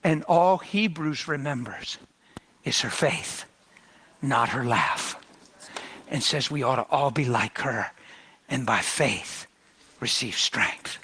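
A man preaching a sermon, animated and dramatic, swinging from loud bursts to hushed near-whispers as he acts out the people in his story. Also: medium pitch, slow pace, long pauses, breathy edge.

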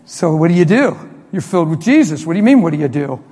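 A middle-aged man preaching a sermon as a pastor, telling a story with emphatic swings from loud to hushed. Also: on the high side, very animated, fast, husky. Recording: long hall reverb.

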